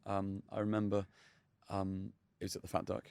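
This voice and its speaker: A man's voice: deep voice, monotone, moderate pace, gravelly, a little mellow, smooth, dry recording. A man, a chef telling kitchen stories in a casual interview, chatty with many fillers and restarts. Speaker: chef, podcast guest. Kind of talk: casual storytelling.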